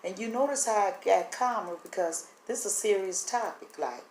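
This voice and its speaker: Speaking straight to her camera, a vlogger shares spiritual impressions in an earnest, halting way, her voice breaking as she fights back tears. Her voice is mid-range and a little mellow, and the room echoes over a faint background hum.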